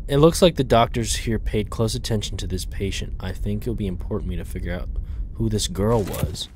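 A man commenting on a horror game playthrough, jumpy and swearing, shouting when startled. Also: fairly low pitch, a little fast, slight background noise. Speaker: gaming video host.

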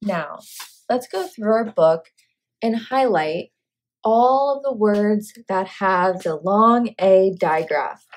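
Woman teacher slowly reading aloud. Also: mid-range voice. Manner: slow, clear, carefully sounding out words. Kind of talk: classroom read-aloud and phonics lesson.

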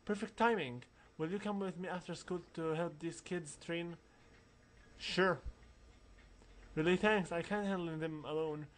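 A man's voice: fairly high pitch, measured pace, close to an everyday voice. A man reading out an upbeat teen classmate. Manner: reads game dialogue aloud, louder.

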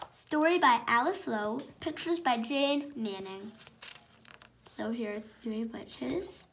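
A woman reading a picture book aloud as a storytime co-host, friendly and explaining the pictures. Her voice sits a little high. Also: takes it slowly, creaky, a bit bright, a little hiss or hum.

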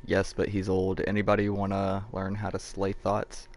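A man's voice: deep voice, monotone, moderate pace, darkish tone. A man hosting a live gameplay stream, chatting, joking and swearing as he plays and reads out messages. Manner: profane, joking banter.

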